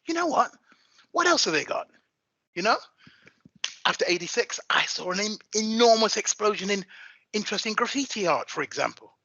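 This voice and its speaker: A man in his fifties from England, an event MC talking in a casual interview, hyped and animated. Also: sits high, normal speed, vocal fry, long pauses, slightly rough, no room sound, highs cut off. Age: 50s. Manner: hyped and animated, swinging into playful voices.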